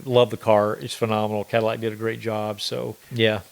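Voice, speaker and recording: A man co-hosting a casual podcast in a relaxed way, often tossing in short reactions. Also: fairly low pitch, a little fast, gravelly. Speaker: podcast co-host. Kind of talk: casual chat.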